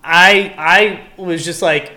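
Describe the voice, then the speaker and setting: A man's voice: high-pitched, steady tone, slow pace, sharp tone. A young man from Texas with a Texan accent, co-hosting a podcast and telling rambling stories with laughs. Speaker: podcast co-host. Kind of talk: casual chat.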